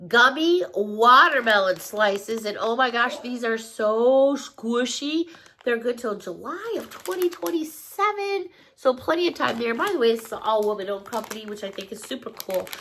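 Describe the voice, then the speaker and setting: Bright-voiced woman gushing over a haul. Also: on the high side, animated, normal speed, slight background noise. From Chicago. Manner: gushing, chatty, enthusiastic. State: sick, coughing. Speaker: haul vlogger. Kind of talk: casual shopping haul vlog.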